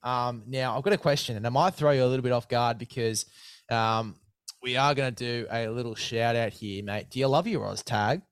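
A man's voice: medium pitch, moderate pace, clean tone, no echo, studio quality. A young Australian man hosting a casual sports chat podcast, rambling and repeating himself, calling his guest mate. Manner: rambling, repeats phrases, says mate a lot. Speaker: podcast host.

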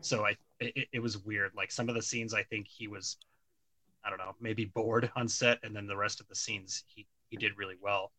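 A man's voice: on the low side, level tone, moderate pace, sharp tone, dry recording, low-quality recording. A man co-hosting a casual podcast, rambling and opinionated, with many fillers and restarts. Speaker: podcast co-host. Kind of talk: casual pop-culture discussion.

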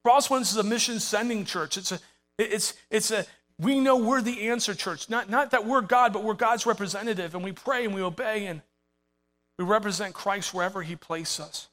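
This pastor's voice sits high and sounds a bit bright, moving at a normal speed. The middle-aged man preaches fervently to a live congregation in a church sanctuary, rising to emphatic appeals.

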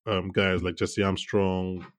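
A man chats casually on a podcast. His voice sits a little low, and he talks in animated bursts full of asides and self-corrections. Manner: animated, quick asides and restarts. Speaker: podcast co-host. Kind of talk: casual chat reviewing a TV show.

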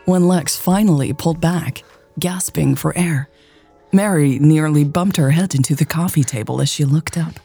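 A woman narrating a romance story in a slow, soft, intimate way, with faint music behind. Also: deep voice, gravelly, husky, no room sound.

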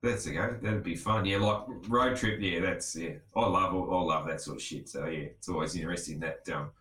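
An Australian man hosting a casual podcast chat, relaxed, swearing freely and laughing often. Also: deep voice, moderate pace, roomy sound. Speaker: podcast host.

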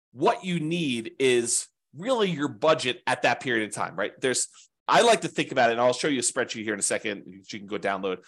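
A man's voice: mid-range voice, a bit bright, breathy edge. A man teaching an informal class on real estate investing, talking in a rambling, conversational way with frequent asides.

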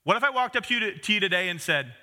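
A man's voice: high voice, expressive, racing, sharp tone. A man in his thirties preaching a conversational sermon, with self-deprecating humor and asides to the congregation. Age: 30s. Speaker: pastor.

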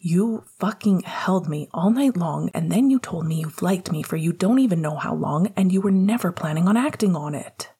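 An earnest young hockey star pleads in an urgent whispered role-play, as a woman acts him out. The whisper is breathy and dark-toned, pitched low. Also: lively intonation, normal speed, hardly any pauses, heavily acted. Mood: pleading.

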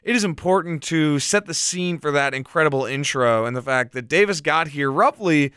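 A man co-hosting a casual podcast, talking fast and excitably, laughing easily. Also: on the high side, smooth, no room sound, studio quality. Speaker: podcast co-host. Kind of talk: casual chat.

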